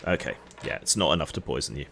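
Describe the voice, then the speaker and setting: Male game master, low voice, unhurried scene-setting narration. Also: gravelly, background noise. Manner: relaxed, descriptive, hedging with "sort of". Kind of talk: narrating a tabletop game online.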